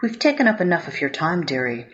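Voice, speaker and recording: A woman voicing a tiny, very old mother superior with a brisk, matter-of-fact manner. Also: low voice, big pitch swings, a bit bright. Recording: dull lo-fi audio.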